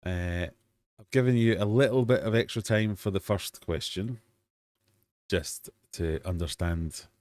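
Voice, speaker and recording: A Scottish man in his forties hosts a casual livestream quiz from his home fish room, his voice on the low side, unhurried and darkish with no room sound. He banters with chat in a jokey, self-deprecating way.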